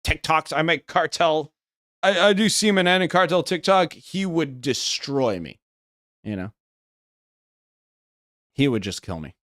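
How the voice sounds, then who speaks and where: A man's voice: on the high side, lively intonation, unhurried, pauses often, a bit bright, no room sound, studio quality. A young man with a West Coast American accent chatting casually on a livestream, rambling, swearing and thinking aloud as he reads chat. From United States. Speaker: streamer.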